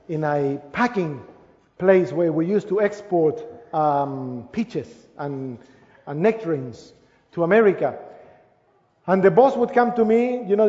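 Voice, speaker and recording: A man preaching a sermon as pastor in a large church, swinging from loud emphatic declarations to soft, hushed asides. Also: high-pitched. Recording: echoey church hall, slightly dull sound. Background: long reverb of the hall.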